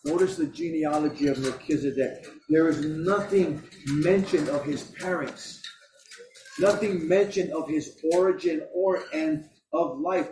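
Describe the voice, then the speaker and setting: A high-pitched man preaches to his church with emphatic, conversational energy. His voice carries from a distance through an echoey hall, and faint ambient noise sits behind it. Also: a little slow, a little mellow. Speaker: pastor. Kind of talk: sermon.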